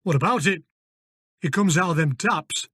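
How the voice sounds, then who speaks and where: Gruff northern stables boss, blunt and curt, pitched up, as a male reader puts him on, dry close sound. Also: lively intonation, normal speed, fairly bright tone, no echo. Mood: scornful. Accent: northern English.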